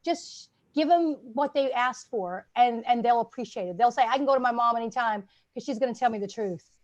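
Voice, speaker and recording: A woman's voice: a little high, fairly quick, no room sound, dull audio. An older woman guest in a casual chat, talking earnestly with frequent fillers.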